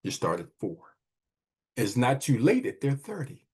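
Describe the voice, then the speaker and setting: A husky, darkish male voice of medium pitch moves at a moderate pace with huge pitch swings. The middle-aged wealth advisor hosts his podcast, pressing motivational money lessons in a preachy, emphatic way and repeating phrases to drive them home.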